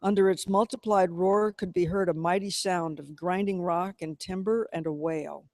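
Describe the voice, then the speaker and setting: A man giving a measured, dramatic reading of a novel. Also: sits high, steady tone, darkish tone, no room sound, studio quality. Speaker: reader.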